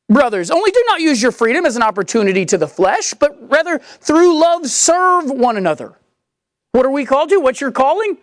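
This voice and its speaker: A woman's voice: high-pitched, very animated, normal speed, dry recording, studio quality. A woman preaching a sermon, reading scripture aloud and pressing her point with questions she answers herself. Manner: emphatic, asks and answers rhetorical questions.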